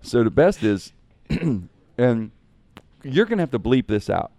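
A man, a radio broadcaster, telling animated stories in casual podcast talk and acting out other people's lines. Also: medium pitch, slow, vocal fry, dry recording. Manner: animated anecdotes with quoted voices.

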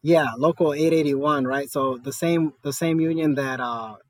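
A man's voice: fairly high pitch, fairly even intonation, moderate pace, no room sound. A man, telling his story as an interview guest, earnest and often adding "right?". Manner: earnest, with many fillers and tag "right?". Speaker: guest, cannabis store worker organizing a union. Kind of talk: conversational interview.

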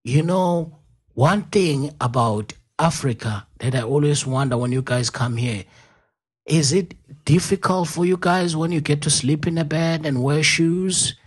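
A man's voice: on the high side, unhurried, husky, pitched above the performer's own voice. A man doing a drawling Southern guy from Georgia. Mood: puzzled.

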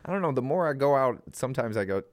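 A man's voice: medium pitch, lively intonation, quick pace, no echo, clean studio sound. A man co-hosting a podcast in casual chat, rambling and trailing off, swearing and laughing.

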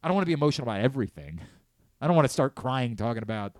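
Male sports radio host, late 30s, earnest and confessional, mid-pitched, dry studio sound. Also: animated, rapid-fire, dry recording. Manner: earnest and candid, with many stammered restarts. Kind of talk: casual sports talk radio monologue. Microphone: close studio mic.

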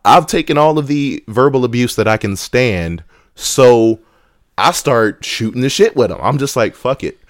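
A man, an ambulance medic, telling a profane, animated story on a casual podcast. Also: medium pitch, moderate pace, no echo, clean studio sound. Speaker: podcast co-host.

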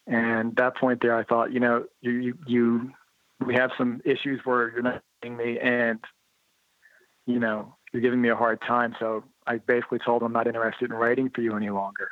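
Over a thin, phone-like line, a man with a medium-pitched voice sounds dry and close, with no echo. The motorcycle writer and blogger, interviewed casually, tells his stories with animation and acts out quoted dialogue in other people's voices.

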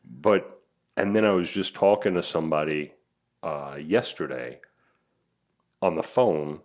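A man's voice: very deep voice, unhurried, a little mellow. A man co-hosting a podcast, chatting casually and telling stories in a laid-back way. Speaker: podcast co-host. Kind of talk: casual chat.

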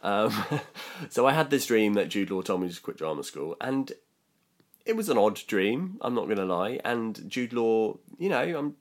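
Young British man, low voice, rambling storyteller with plenty of fillers. Casual podcast co-host. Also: very animated, moderate pace. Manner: chatty storytelling, lots of ums and likes. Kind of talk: casual chat.

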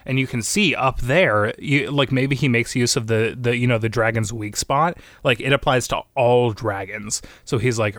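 A young man in casual chat, retelling a film plot with lively acted-out voices. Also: lowish voice, moderate pace, hardly any pauses, dry recording, clean studio sound. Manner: animated storytelling, acts out characters with voices.

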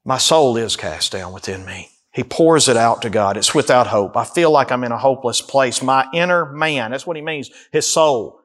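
A man preaching a sermon as a pastor, rising to near-shouts and dropping low as he voices the psalmist's cries. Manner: acts out the psalmist's cries in first person.

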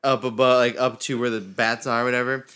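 A man's voice: medium pitch, quick pace, clear, resonant tone. A man casually telling a long story, swearing freely and laughing through it. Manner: profane, animated, laughs through his own story.

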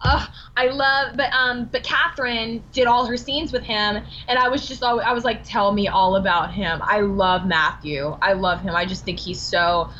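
Bright, bubbly woman telling stories. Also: medium pitch, moderate pace, hardly any pauses, dull audio, a little hiss or hum. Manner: bubbly, animated storytelling with quoted dialogue and laughs. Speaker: podcast guest, actress. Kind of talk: casual interview chat.

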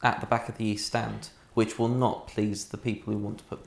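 A man's voice: lowish voice, little pitch movement, fairly quick, vocal fry, a little hiss or hum. A man in a casual chat, talking in a matter-of-fact way as he passes on what others have said. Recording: echoey room.

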